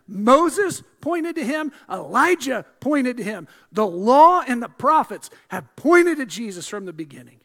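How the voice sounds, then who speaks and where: A man with a notably high-pitched voice delivers a sermon as a pastor. His preaching is dynamic, dropping to hushed asides before climbing into loud, emphatic build-ups. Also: big pitch swings, unhurried, few pauses.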